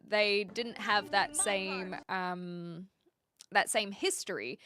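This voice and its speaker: A woman's voice: medium pitch, bright, forceful tone, clear, resonant tone, no room sound, clean studio sound. A woman with an Australian accent, chatting casually with her live stream viewers, often restarting her sentences as she answers the chat.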